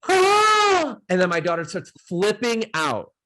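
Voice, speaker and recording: A man's voice: fairly high pitch, normal speed, a bit bright. Rambling middle-aged male host. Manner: rambling, storytelling with many fillers and restarts. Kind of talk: casual interview chat.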